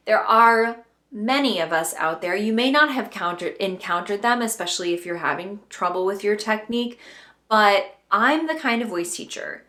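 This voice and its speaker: A woman's voice: mid-range voice, fairly bright tone, echoey room. A young adult woman hosting a podcast as a voice teacher, talking in a bubbly, playful, chatty way. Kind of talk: enthusiastic podcast monologue.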